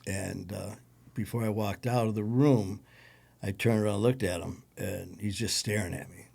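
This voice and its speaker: A man with a Detroit accent, a podcast guest recounting a personal story in a low-key, conversational way. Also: fairly even intonation, moderate pace, a little mellow. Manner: gravelly, low-key storytelling with acted quotes.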